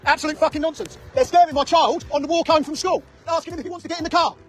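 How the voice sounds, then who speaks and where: An angry father confronting men on a street, shouting and swearing as he films on a phone. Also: very high-pitched, fairly even intonation, very fast, faint music behind. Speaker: angry parent filming a confrontation. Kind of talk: heated street argument. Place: outdoors on a street.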